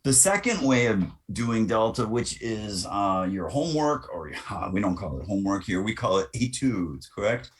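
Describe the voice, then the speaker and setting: A man giving a screen-recorded software lesson as the instructor, talking through each click with casual asides. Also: on the low side, big pitch swings, moderate pace, few pauses.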